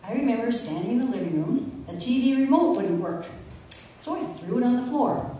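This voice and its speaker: A middle-aged woman earnestly reading her personal testimony aloud in a church, emotional but measured. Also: on the high side, lively intonation, warm tone, a little hiss or hum. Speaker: church member giving testimony. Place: church sanctuary. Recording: echoey church from far off.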